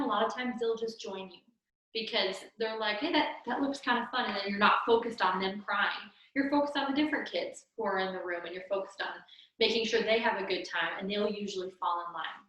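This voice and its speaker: A woman's voice: mid-range voice, fairly bright tone, dull audio. A young woman leading a children's ministry training in a casual, chatty way, laughing often and using many fillers. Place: church room. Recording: echoey room from far off.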